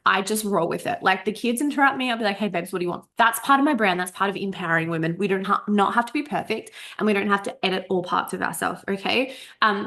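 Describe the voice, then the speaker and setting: A woman's voice: medium pitch, a bit bright. A woman coach in her thirties giving a casual spoken workshop, chatty and emphatic, swearing freely and tripping over her words, a little coughy, recorded on a desk microphone over a video call. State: a bit coughy. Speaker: coach running a podcast workshop. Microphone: desk USB microphone over a Zoom recording.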